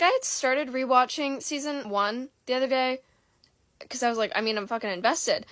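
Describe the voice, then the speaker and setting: A woman's voice: high voice, bright, forceful tone, dry recording. A woman in a late-night casual vlog, rambling emotionally and swearing freely into her phone camera. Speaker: content creator.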